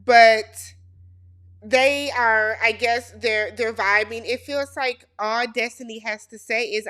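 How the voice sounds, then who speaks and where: A woman's voice: on the high side, measured pace, bright, forceful tone. A woman host giving a casual, sassy and blunt recap of a reality TV episode.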